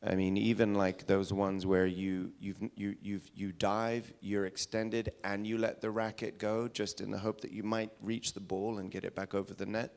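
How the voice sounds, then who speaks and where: Low gravelly British-American preacher. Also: male voice, level tone, normal speed, few pauses, a little mellow. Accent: British with an American tinge. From England. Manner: storytelling with restarts. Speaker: pastor. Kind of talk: sermon. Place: church service.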